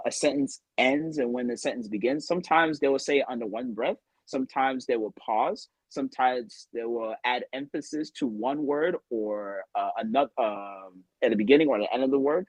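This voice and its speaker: Husky man rambling through a language tip. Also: medium pitch, no room sound, poor audio. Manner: rambling, run-on sentences with frequent "right?". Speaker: language workshop host. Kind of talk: casual spoken workshop talk. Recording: online audio room.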